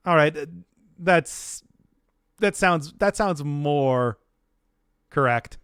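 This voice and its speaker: A man's voice: fairly high pitch, animated, drawn-out words, long pauses, a bit bright, clear, resonant tone. A man streaming a game, rambling in casual commentary and laughing at his own jokes.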